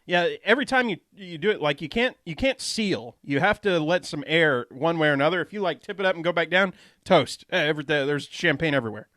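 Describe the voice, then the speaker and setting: A man's voice: fairly high pitch, animated, a little fast, few pauses, a bit bright, no room sound. A man hosting a podcast, telling stories in a laid-back way with lots of fillers. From Atlanta area, US. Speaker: podcast host. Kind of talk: casual podcast chat. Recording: dry close mic.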